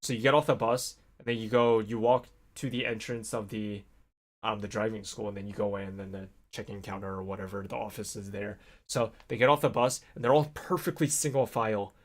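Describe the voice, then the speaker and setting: A young adult man vlogging alone, telling a long casual story with many fillers and animated swearing-to-God asides. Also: on the low side, fairly quick.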